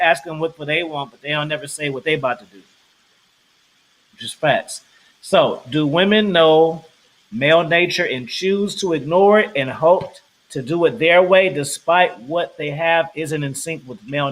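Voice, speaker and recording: Man host, high voice, teasing and playful, casual chat. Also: a bit bright, low-quality recording. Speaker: podcast host.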